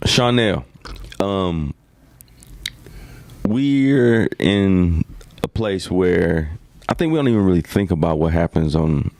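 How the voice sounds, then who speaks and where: A low-pitched man talks loosely and jokingly as a podcast host, trading slangy banter with his co-hosts. The sound is dry and close, with little room in it. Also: expressive, slow pace, long pauses, a little mellow, dry recording. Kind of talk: casual chat.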